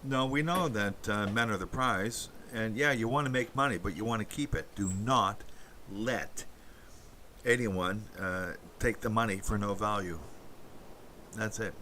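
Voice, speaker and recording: A man from Canada, hosting a casual livestream and talking in a halting, rambling way as he answers chat comments aloud. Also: on the low side, bright, forceful tone, slight background noise. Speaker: livestream host reading chat.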